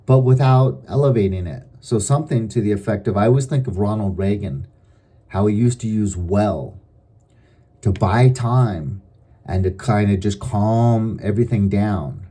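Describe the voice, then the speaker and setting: A middle-aged man giving advice in a calm, measured, deliberate monologue. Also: on the low side. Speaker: advice vlogger.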